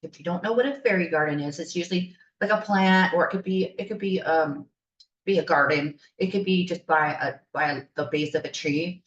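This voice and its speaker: A woman's voice: lowish voice, normal speed. A woman spiritual coach telling stories in a casual, chatty and enthusiastic podcast style, rambling along as she goes. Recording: roomy, distant, dull sound.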